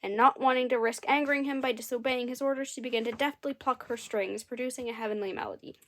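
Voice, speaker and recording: A woman with a slightly high voice and fairly even intonation reads a fairy tale aloud at a fast clip. Between passages she adds dry, amused comments, making it a comedic reading.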